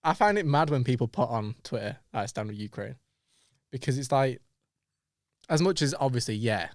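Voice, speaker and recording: A man's voice: medium pitch, animated, moderate pace, no room sound, studio quality. A young man hosting a casual comedy podcast, laughing often and trailing off into fillers. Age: young adult. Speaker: podcast host.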